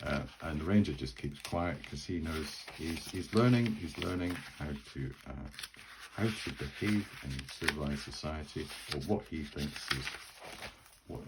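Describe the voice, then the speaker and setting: A man's voice: a bass voice, unhurried, very noisy. A man narrating his solo tabletop role-playing game in a rambling, chatty way. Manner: rambling, many fillers and restarts.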